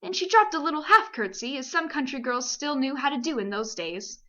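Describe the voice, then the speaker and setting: A woman from Canada reading a children's novel aloud in a lively, expressive way. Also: sits high, a little fast, highs cut off. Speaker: amateur audiobook reader. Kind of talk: storybook narration.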